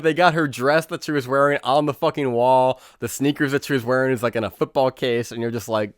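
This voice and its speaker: A man giving a casual, profane movie review, animated and sarcastic, with frequent swearing and mocking quoted reactions. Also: mid-range voice, brisk, hardly any pauses, no echo, studio quality. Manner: animated, sarcastic, swears freely, mocks scenes in put-on quotes.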